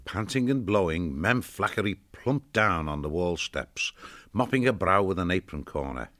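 A man narrating a storybook in a measured, expressive reading voice at a close studio mic. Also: deep voice.

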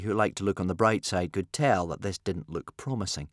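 A man reading a children's adventure story aloud in an expressive, playful way. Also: low-pitched, moderate pace, no room sound, clean studio sound. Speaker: audiobook narrator. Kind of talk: scripted storybook narration.

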